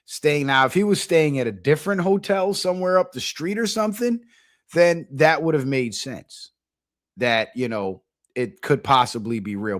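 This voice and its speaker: Loose, laughing male streamer at home. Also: fairly high pitch. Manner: loose, profane, laughs often. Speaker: channel host. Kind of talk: casual livestream commentary. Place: at home, alone.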